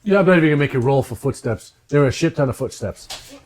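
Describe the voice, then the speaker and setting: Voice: mid-range voice, expressive, fast talker, a little mellow. A dungeon master narrating a tabletop game at home, casual and full of ums. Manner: hesitant, many ums, casual. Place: home with family.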